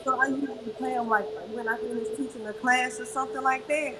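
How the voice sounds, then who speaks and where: Calm woman guiding breathing. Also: high-pitched, fast, rough recording. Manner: calm, instructive, says "yes, ma'am". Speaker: yoga teacher.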